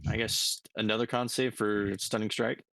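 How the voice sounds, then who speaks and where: A man's voice: fairly low pitch, flat delivery, normal speed, gravelly, a bit bright, no room sound. A man playing a tabletop game, hesitant with many fillers. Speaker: player.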